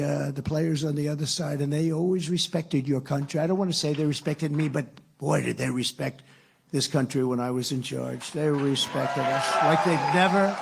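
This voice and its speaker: A man with a gravelly, slightly raised voice working through a campaign rally speech. He rambles and circles back on the same phrases. He drops sarcastic asides as he goes. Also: on the high side, a little mellow. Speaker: political candidate. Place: live rally.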